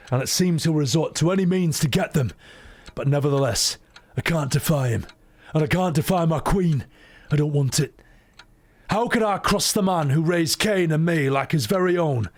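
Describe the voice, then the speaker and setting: A man's voice: a little high, natural voice. A man voicing an earnest, conflicted young knight torn between loyalty and conscience.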